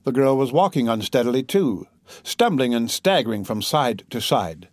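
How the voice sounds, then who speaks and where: A man's voice: mid-range voice, expressive, moderate pace, no room sound, studio quality. Man narrating a classic novel. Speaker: audiobook narrator.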